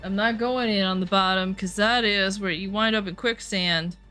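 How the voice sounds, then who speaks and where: Bright-voiced woman rambling over gameplay. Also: medium pitch, fairly even intonation, moderate pace, faint music behind. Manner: chatty, profane, rambling asides. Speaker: game streamer. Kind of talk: casual gameplay commentary.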